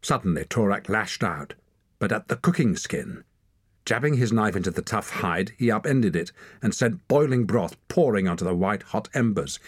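A man narrating an adventure story in a steady, measured audiobook reading. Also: lowish voice, no room sound, clean studio sound.

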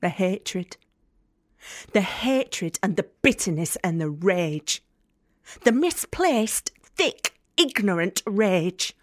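A mouthy Northern English student. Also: female voice, mid-range voice, no echo, studio quality. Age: young adult. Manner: sardonic, blunt, profane. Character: mouthy, angry young working-class woman student. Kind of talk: radio drama monologue.

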